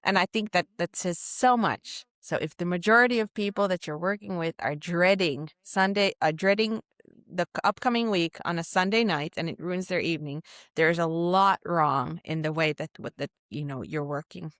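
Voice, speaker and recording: A woman's voice: lowish voice, moderate pace, fairly bright tone, dry recording, clean studio sound. A woman, a company CEO, talking reflectively as a podcast guest, often restarting her sentences. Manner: thoughtful, reflective, with frequent restarts and laughs. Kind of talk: conversational interview.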